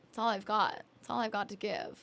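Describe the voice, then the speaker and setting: A woman's voice: mid-range voice, flat delivery, brisk, creaky, a bit bright. Giggly, sleepy woman chatting on stream. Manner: chatty, giggly, reads chat aloud. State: sleepy, yawning. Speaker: music streamer. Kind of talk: casual live-stream chat between songs.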